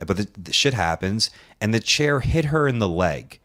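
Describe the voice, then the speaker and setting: A man with a low voice telling a long, rambling story in casual talk. He runs a wrestling show and acts out the lines of the people in his story. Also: lively intonation, moderate pace, fairly bright tone. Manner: rambling anecdote, acting out other people's lines.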